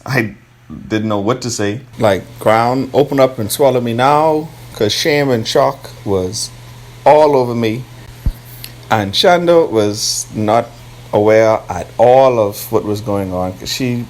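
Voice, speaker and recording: A young man casually telling a personal story, relaxed and conversational. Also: fairly low pitch. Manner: relaxed, conversational, with fillers and asides to the baby. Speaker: partner telling a birth story.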